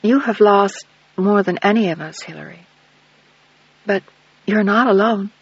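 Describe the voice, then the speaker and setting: A gentle, quiet woman pleading earnestly, voiced by a man who lifts his pitch. His tone is husky, and the recording is dull and dry. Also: unhurried, dry recording, exaggerated voice.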